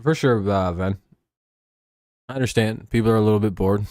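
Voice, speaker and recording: Casting: man, low voice, tired live-stream host, loose and joking, dry close sound. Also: normal speed, pauses often, a little mellow, no echo. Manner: rambling, joking, swearing, sleepy. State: tired and yawning. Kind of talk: casual game watch-along commentary.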